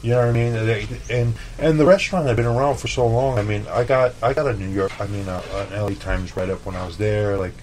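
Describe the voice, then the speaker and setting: Man from el paso, lowish voice, casual cursing storyteller, chef guest. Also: fast, few pauses, a little mellow, a little hiss or hum, rough recording. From El Paso, Texas. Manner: profane, laid-back storyteller.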